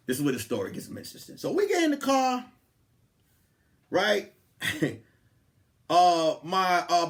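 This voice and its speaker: Animated young man telling a comic story. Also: a little high. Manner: animated, swings from loud to hushed, acts out quotes. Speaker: comedian podcast host.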